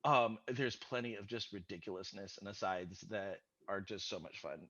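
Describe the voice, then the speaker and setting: A man's voice: on the low side, moderate pace, fairly bright tone, highs cut off. A man in casual podcast chat who laughs often and tells stories with animation. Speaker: podcast host.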